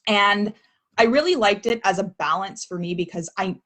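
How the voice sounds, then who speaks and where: A woman's voice: mid-range voice, moderate pace, a bit bright. A woman in her thirties, a former child actor, chatting on a video call in a reflective way and laughing often. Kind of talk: casual video-call chat.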